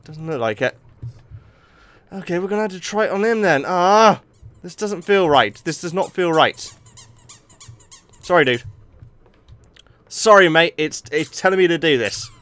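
A young man hosting a let's play, excitably talking to himself and the game. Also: high-pitched, measured pace, pauses often, smooth, no echo. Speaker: gaming video host.

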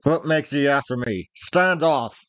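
Man doing a hot-headed young outlaw archer, archaic speech, forceful, storybook reading, dry close sound. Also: medium pitch, unhurried, dry recording, natural voice. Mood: fierce. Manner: archaic, old-fashioned speech, forceful outbursts. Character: fiery young male outlaw archer, proud and hot-tempered.

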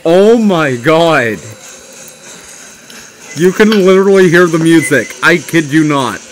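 A man's voice: on the high side, lively intonation, slow pace, a little hiss or hum, low-quality recording. A young man commentating a video game, panicky and exclamatory, often calling out to his viewers. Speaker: gaming video host.

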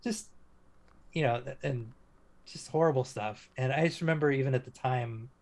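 A man, a former police officer, speaking as an interview guest and telling a story in a casual, halting way, full of restarts and fillers. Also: medium pitch, darkish tone.

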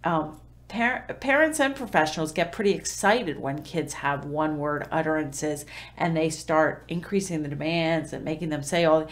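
A woman's voice: sits low, normal speed. A middle-aged woman giving parenting tips to camera in a conversational teaching style, with fillers and self-corrections.

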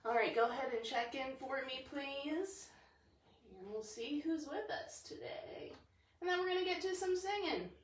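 A woman, teaching a livestreamed singing warm-up from home in a chatty, encouraging way that sometimes drops to breathy whispers. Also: high-pitched, moderate pace, roomy sound, distant mic, a little hiss or hum. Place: home, over a slow internet livestream.

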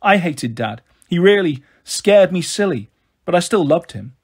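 A man reading a children's novel aloud in a steady, expressive way. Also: high voice, a little slow, slightly rough. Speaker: storyteller. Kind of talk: audiobook reading.

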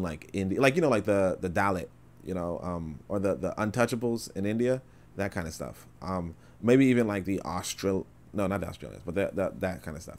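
A man hosting a casual livestream, reading an essay aloud and chatting loosely with his viewers. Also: low voice. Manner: digressive, loose and conversational, with many fillers. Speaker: host reading an essay aloud and answering chat.

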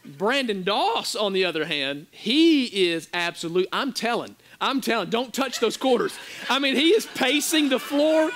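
A man with a high voice preaches a sermon in a church. He tells his story with animated energy, acting out the quotes and laughing along, then drops into a quiet prayer. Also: measured pace, slight background noise. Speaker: pastor. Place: church sanctuary.

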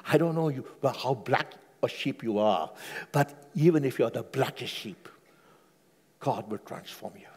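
A man preaching a sermon with passion, swinging from hushed, low pleading to loud, high exclamations. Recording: long hall reverb.

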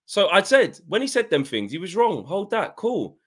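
Bright-voiced sarcastic man. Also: high-pitched, huge pitch swings, normal speed. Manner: sarcastic, reads quotes aloud, swears. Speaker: podcast co-host. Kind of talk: casual football chat.

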